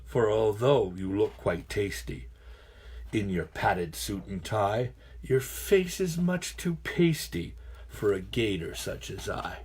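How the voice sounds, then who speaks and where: A man's voice: on the low side, expressive, slow pace, darkish tone, slightly rough, full character voice. A man putting on a sly hungry alligator.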